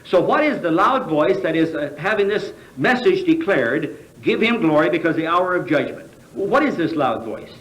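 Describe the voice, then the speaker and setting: An American man preaches at a convention in a large, echoey hall, his slightly bright, somewhat high voice swinging widely in pitch. He keeps a moderate pace with few pauses, posing rhetorical questions and tripping on fillers.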